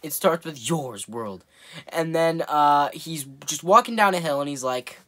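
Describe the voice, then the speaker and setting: A man's voice: fairly high pitch, a little slow, fairly bright tone. Man rambling through a movie review. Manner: rambling and amused, laughs often, swears casually.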